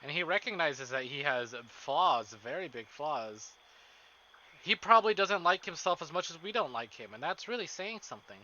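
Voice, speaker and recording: A man streaming a visual novel, chatting casually with his chat, excitable and swearing often. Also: a little high, normal speed, highs cut off, slight background noise. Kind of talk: casual live-stream chat and game reading.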